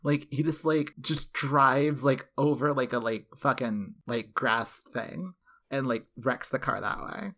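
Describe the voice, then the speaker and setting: Man co-host, average pitch, deadpan sarcastic humor, rambling casual chat. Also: unhurried. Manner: sarcastic, deadpan jokes, heavy use of filler "like". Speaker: podcast co-host.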